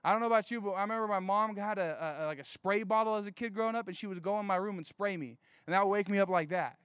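A young man giving a casual sermon, reading scripture and telling jokey stories, slowing down to stress key points. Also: high voice, fairly bright tone, smooth, no room sound. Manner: conversational, jokey asides, slows down for emphasis.

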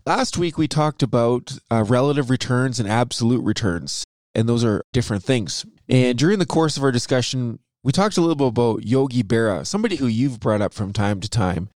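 A man's voice: medium pitch, expressive, fairly quick, few pauses, a little mellow, no room sound, studio quality. A man co-hosting an investing podcast in a casual, upbeat, chatty way. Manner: upbeat, chatty, self-aware about his "radio voice". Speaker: podcast co-host, financial advisor. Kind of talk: casual chat.

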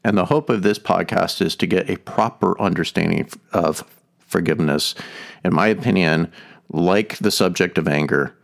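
A man's voice: low-pitched, moderate pace, gravelly. A man hosting a podcast, giving an earnest teaching talk and restating his main point several times. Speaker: podcast host. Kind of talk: teaching talk on a faith topic.

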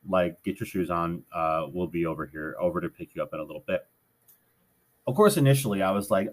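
A man's voice: low voice, moderate pace. A man hosting a podcast alone, talking in an earnest, rambling way, often correcting himself, with the hiccups. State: has the hiccups. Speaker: podcast host. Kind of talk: casual solo podcast monologue.

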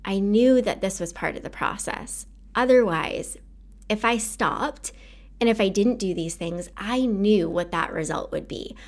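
A woman's voice: mid-range voice, a little slow. A woman hosting a podcast, talking earnestly and casually about her own experience, with many fillers like "like". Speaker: podcast host. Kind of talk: casual personal podcast monologue.

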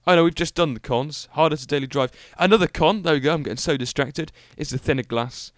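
A man's voice: a little high, quick pace, dry recording, clean studio sound. A young British man hosting a solo car-review podcast, talking in a rambling, enthusiastic, self-mocking way with lots of fillers. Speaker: podcast host.

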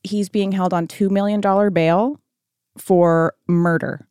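A woman's voice: unhurried, smooth, no echo, studio quality. A young woman co-hosting a casual podcast, telling stories expressively and laughing often. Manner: expressive storytelling with big pitch swings, giggly. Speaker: podcast co-host. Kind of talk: casual chat.

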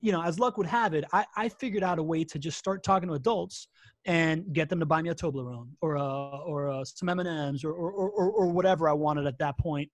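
A man in his forties tells his life story as a podcast guest. He is chatty and self-deprecating and repeats words as he goes. His voice sits fairly high and sounds dry and close. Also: fairly quick, no room sound. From born in Latin America, raised in Miami and Spain. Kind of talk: casual storytelling interview.

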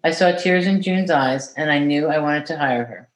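A woman caregiver reading a letter aloud in an earnest, measured way, then answering interview questions. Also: low voice. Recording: echoey room.

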